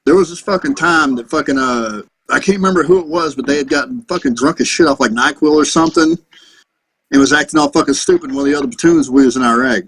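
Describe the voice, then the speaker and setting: A man's voice: a little high, fast talker, fairly bright tone, slightly rough, dry recording, low-quality recording. A Marine veteran in his thirties, a podcast guest telling profane, rambling anecdotes in a casual chat. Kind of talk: casual storytelling.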